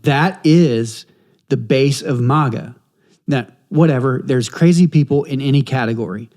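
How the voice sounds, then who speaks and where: Mellow-voiced male podcast co-host. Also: mid-range voice, unhurried. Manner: emphatic, repeats himself to drive points home. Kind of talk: casual political chat.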